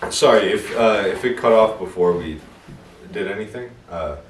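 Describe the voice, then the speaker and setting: A young man co-hosting a casual podcast, reacting with lively laughs and questions. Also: fairly low pitch, moderate pace, a little hiss or hum. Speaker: podcast co-host. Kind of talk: casual chat. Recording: roomy, distant mic.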